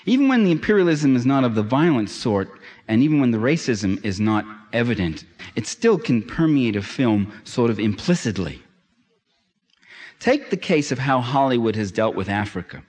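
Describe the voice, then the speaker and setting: A man giving an impassioned public lecture, building to loud, emphatic peaks. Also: medium pitch, big pitch swings, moderate pace. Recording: long hall reverb.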